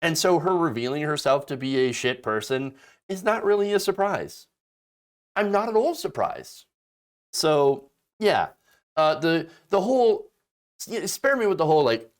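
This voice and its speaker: A man's voice: on the high side, very animated, a little slow. A man hosting casual political commentary, sarcastic and mocking, slipping into exaggerated voices to ridicule people.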